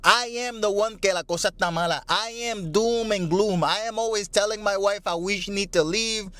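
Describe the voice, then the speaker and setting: A man's voice: sits high, moderate pace, a bit bright, no room sound. Profane Puerto Rican man ranting. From Puerto Rico. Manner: profane, switches between English and Spanish. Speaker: podcast host. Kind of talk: comedic rant monologue.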